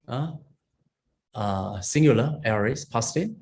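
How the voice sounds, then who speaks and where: A man's voice: mid-range voice, a little slow, a little hiss or hum. A man teaching Pali grammar, walking through each word and checking in with his listeners as he goes. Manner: explains step by step, checks in with "huh?" and "okay?".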